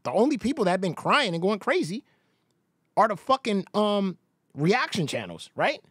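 Stream host, incredulous mocking rant, very animated delivery, dry close mic. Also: mid-range voice, moderate pace, breathy edge, dry recording. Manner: mocking, laughing often, incredulous. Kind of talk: ranting reaction-stream commentary.

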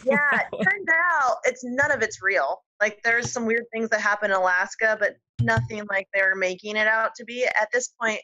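Lady guest on a talk show, giggly storyteller, bright sharp tone. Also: fairly high pitch, moderate pace, few pauses, poor audio. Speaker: podcast guest. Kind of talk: casual storytelling interview.

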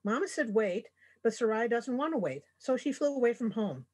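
A woman's voice: on the high side, animated, normal speed, darkish tone, breathy edge, voice pushed up. A woman voicing a shy, clumsy young male griffin cub with a timid, polite, stammering way of talking.

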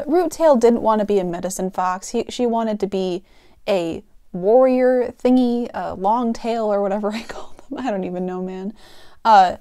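A woman's voice: mid-range voice, mellow. A young woman casually reading aloud a story she wrote, stumbling over lines and adding amused side comments. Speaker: artist reading her old story aloud.

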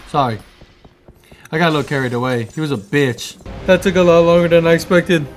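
Excitable high-voiced young man gaming. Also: a little fast, soft background music. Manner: excitable, swearing, laughing, talking to the game. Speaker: gamer playing through a video game. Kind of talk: let's-play commentary.

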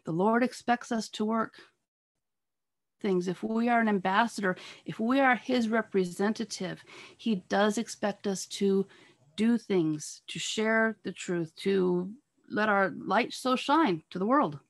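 A woman giving an earnest sermon over a video call, pressing her listeners with repeated rhetorical questions and halting now and then on fillers and restarts. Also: mid-range voice. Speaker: speaker at a church talk on marriage.

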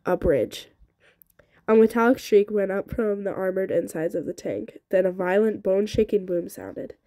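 A woman narrates a novel in a steady, expressive reading voice. Her tone is soft and mellow, and the recording is dry and close with no room echo. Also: medium pitch, normal speed. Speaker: audiobook reader.

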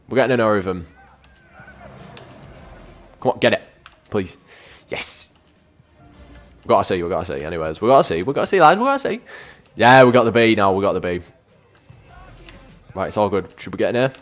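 A man giving chatty let's-play game commentary, addressing viewers as lads and breaking into frustrated shouts at the game. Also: lowish voice, normal speed, long pauses, soft background music. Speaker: gaming YouTuber.

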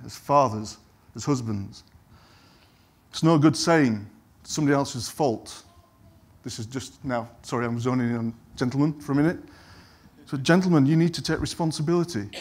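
Middle-aged male preacher, relaxed talky sermon delivery, average pitch, breaks off into asides. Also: slightly rough. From England. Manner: conversational, digresses and apologizes, acts out quoted lines.

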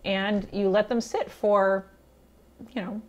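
An upbeat woman hosts a home cooking video, chatting about a recipe in an easygoing way. She sounds excited and natural, with relaxed fillers and the odd little laugh, and her pitch sits at a middle height. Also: slow pace, highs cut off. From Italian heritage. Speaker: cooking show host. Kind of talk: casual cooking talk to camera.

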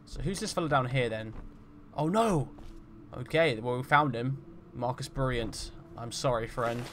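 A man hosting a game roleplay, talking through it in a chatty, jokey way and getting loud and jumpy when startled. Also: medium pitch, moderate pace, a little hiss or hum. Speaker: gaming roleplay host. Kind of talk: roleplay let's-play commentary.

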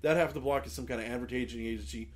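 This man's medium-pitched voice races along while he spins a lengthy story during a relaxed podcast conversation. As co-host, he animatedly plays the characters he quotes and laughs frequently.

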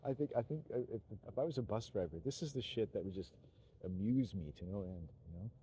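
A man with a low, mellow voice talks in a loose, rambling monologue. He keeps restarting his sentences and chuckling to himself as he meanders. A faint hiss of background noise sits under the recording. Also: fast talker.

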